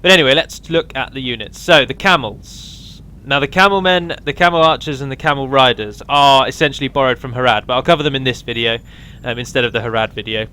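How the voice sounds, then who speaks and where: A man's voice: mid-range voice, brisk, hardly any pauses, pushed and bright, clean tone. A man giving a casual, rambling walkthrough of a strategy game mod, with frequent ums and restarts.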